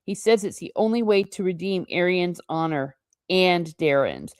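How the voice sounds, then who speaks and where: A woman's voice: on the low side, expressive, normal speed, darkish tone, clear, resonant tone, no echo, studio quality, lightly acted. A woman voicing an earnest young boy squire who pleads eagerly, read aloud from a fantasy novel. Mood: worried.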